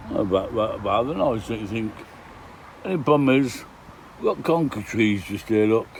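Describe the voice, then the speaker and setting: An older man's fairly low, expressive voice moves at a moderate pace over slight background noise. Touring villages as a van life vlogger, he films handheld outdoors and from his van, chatting casually with grumbly asides tagged "eh?".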